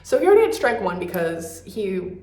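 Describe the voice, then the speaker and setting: A woman's voice: mid-range voice, sing-song, normal speed, warm tone, echoey room. A young woman vlogger telling a story in a candid, profane, casual way with lots of fillers.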